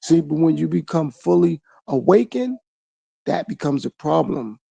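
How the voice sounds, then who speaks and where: A man's voice: a little high, sing-song, normal speed, vocal fry, mellow, husky, no room sound. A man hosting his own podcast, talking through a reflective solo monologue full of repeated phrases and rhetorical questions. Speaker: podcast host.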